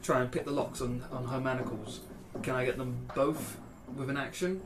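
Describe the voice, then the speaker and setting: A man's voice: mid-range voice, fairly even intonation, normal speed, a crowd in the background. A man playing a tabletop game as a player, eager and full of questions. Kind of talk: casual tabletop play. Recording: noisy home recording.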